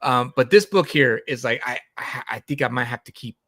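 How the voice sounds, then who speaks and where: A man's voice: medium pitch, normal speed, dry recording, clean studio sound. Casual male live stream host. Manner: relaxed, laughing, frequent restarts and fillers. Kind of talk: casual chat about comics.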